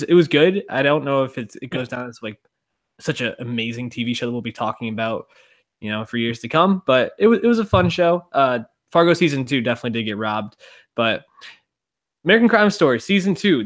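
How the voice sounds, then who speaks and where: A man with a middle-range voice co-hosts a casual podcast, easygoing and quick with asides. He sounds relaxed and conversational, neither especially low nor high. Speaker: podcast co-host. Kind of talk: casual chat.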